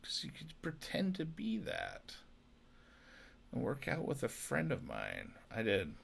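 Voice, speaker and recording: A drunk man rambling through a loose solo monologue, his low voice gravelly with fry. He talks slowly and lurches between loud bursts and mumbled whispers, with a faint hiss of background noise behind him. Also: huge pitch swings. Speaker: amateur actor talking about comedy.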